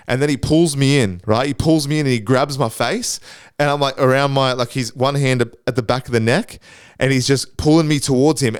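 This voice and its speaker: A man's voice: mid-range voice, clear, resonant tone, no echo, studio quality. Laid-back, swearing young man rambling. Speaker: podcast host. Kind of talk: casual storytelling.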